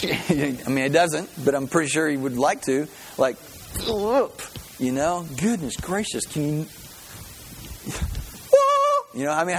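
Male preacher, sermon, fairly high voice, earnest, restarts words, light background hiss. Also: low-quality recording. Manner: earnest, repeats words while building a point. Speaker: pastor.

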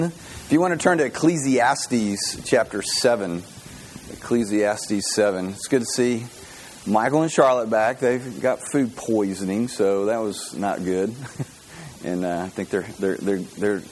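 A man's voice: fairly low pitch, unhurried, a little hiss or hum. A man preaching a casual, conversational sermon as pastor, telling stories with lots of repeated restarts. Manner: animated storyteller, many repeated restarts.

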